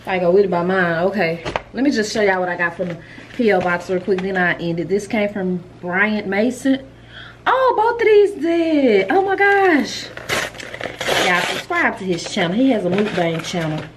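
A woman in her fifties, a chatty and excitable vlogger who talks straight to her viewers from home. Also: on the low side, fairly quick, a little hiss or hum. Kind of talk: casual vlog chat.

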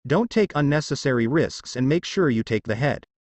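A man voicing a calm, thoughtful male sensei in a storybook reading, measured in manner. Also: medium pitch, no echo, lightly acted.

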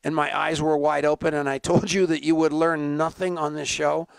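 A man's voice: on the high side, flat delivery, normal speed, creaky, clear, resonant tone, no room sound. A man hosting a talk show, joking, laughing often and telling stories in casual banter. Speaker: show host.

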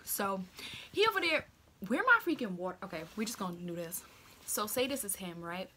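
A young woman chatting through a storytime vlog, her voice very bright and sharp. She is animated and slangy and drops into whispered asides. A faint hiss sits under her voice. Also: mid-range voice, brisk. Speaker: vlogger. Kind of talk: casual storytime chat.

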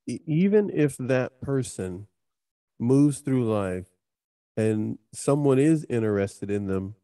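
A man hosting a podcast, asking slow, halting questions with many fillers. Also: mid-range voice, lively intonation, mellow, no room sound, studio quality. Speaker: podcast host. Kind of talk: podcast interview.

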